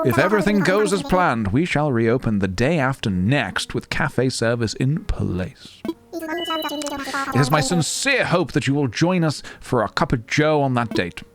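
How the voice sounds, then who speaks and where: A man voicing a fussy, polite old male owl curator, reading game lines in a low, formal, slow manner. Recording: music playing behind.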